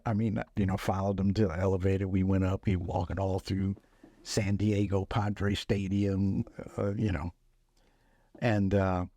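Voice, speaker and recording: An older man, a musician, telling stories from his career in a relaxed, laughing way on a podcast. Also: fairly low pitch, dry recording. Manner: relaxed, laughing storyteller, acts out quoted voices. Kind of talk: casual storytelling chat.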